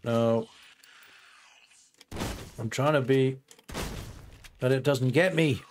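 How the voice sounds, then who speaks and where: A man's voice: medium pitch, takes it slowly, a little hiss or hum. An older man giving casual let's-play commentary, chatting and thinking aloud to his viewers as he plays. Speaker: gameplay host.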